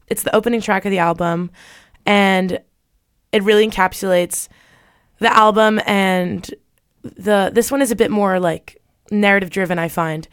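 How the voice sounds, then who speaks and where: A woman's voice: mid-range voice, smooth. A young woman hosts a casual podcast, telling a story in a chatty way with frequent "like". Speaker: podcast host.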